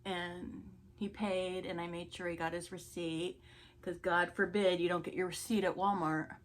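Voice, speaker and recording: A woman's voice: on the low side, level tone, normal speed. A woman vlogger telling a story in a chatty, indignant way while she gets ready. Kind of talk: get-ready-with-me story time.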